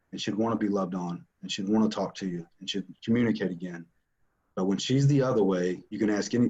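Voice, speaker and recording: A man's voice: fairly low pitch, a little mellow. Dad telling his story, earnest and emphatic, kinda dull recording. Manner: earnest, emphatic, repeats for stress. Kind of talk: personal testimony.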